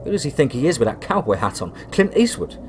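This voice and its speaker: A man narrates a first-person horror story at a steady, measured pace, his voice sitting at an ordinary middle pitch. A faint hiss of noise runs under the reading.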